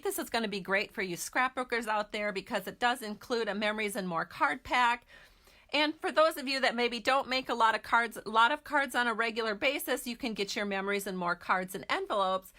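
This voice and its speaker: Bright, chatty woman gushing over crafts. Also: fairly high pitch. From Minnesota. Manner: chatty and gushing, with frequent fillers. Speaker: host. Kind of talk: casual product walkthrough.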